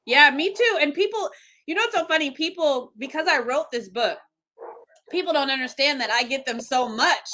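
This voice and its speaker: A woman's voice: high voice, moderate pace. A middle-aged woman hosting a casual podcast, telling stories animatedly and acting out quoted lines. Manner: animated storyteller, acts out quotes. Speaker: podcast host. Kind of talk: casual chat.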